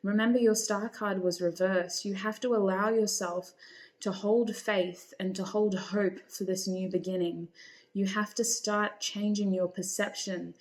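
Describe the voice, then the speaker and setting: A woman's voice: medium pitch, steady tone, unhurried. A woman reading tarot cards for her viewers, speaking in a reassuring, encouraging way and calling them honey. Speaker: tarot reader.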